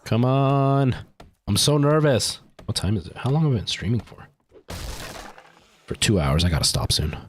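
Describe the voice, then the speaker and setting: A man's voice: mid-range voice, sing-song, moderate pace, long pauses, a little hiss or hum. A man streaming a game live, anxious and jumpy, talking to himself and sometimes dropping to a nervous whisper. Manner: anxious, jumpy, talks to himself under stress. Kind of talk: live gameplay commentary.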